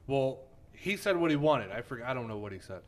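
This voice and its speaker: A man's voice: mid-range voice, animated, quick pace. A man in casual chat, telling an anecdote and laughing through it.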